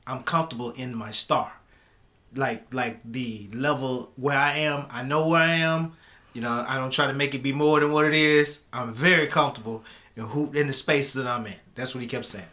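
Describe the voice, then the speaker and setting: A man co-hosting an interview in casual chat, halting and repeating words. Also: medium pitch, sharp tone. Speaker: interview co-host.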